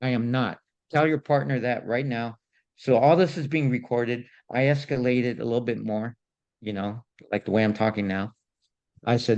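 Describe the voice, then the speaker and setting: Man, podcast co-host, gravelly low-fi voice, animated indignant storyteller. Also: moderate pace, dull audio. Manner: animated, indignant, repeats himself. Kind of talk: casual storytelling.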